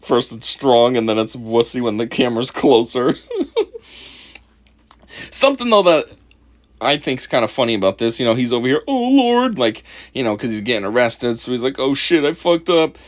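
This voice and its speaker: A man's voice: medium pitch, moderate pace. A man hosting a casual video commentary, mocking and profane, laughing often. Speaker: commentary channel host.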